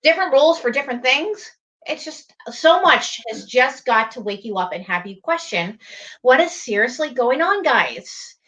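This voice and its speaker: High, bright-voiced woman pleading urgently. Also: expressive, moderate pace. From United States. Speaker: co-host of an online morning show. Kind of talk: impassioned livestream talk.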